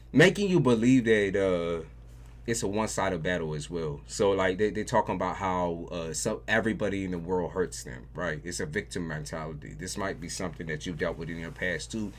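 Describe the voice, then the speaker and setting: During a livestreamed tarot reading, a low-voiced man talks casually, swears freely and repeats phrases for emphasis.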